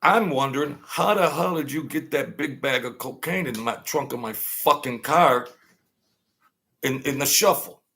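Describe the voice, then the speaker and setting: A man at an ordinary, middle pitch tells old stories in a loose, conversational way. He swears freely, circles back on himself and waves off details with "blah, blah, blah.". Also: unhurried, bright, forceful tone. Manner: rambling and profane, fills gaps with "blah, blah, blah". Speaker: storyteller recounting his past. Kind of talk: casual spoken storytelling.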